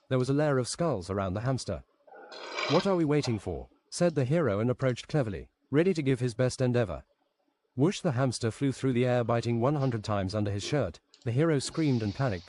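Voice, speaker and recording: Streamer guy reading a story out deadpan, mid pitch voice, lots of clicking behind him. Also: slight background noise.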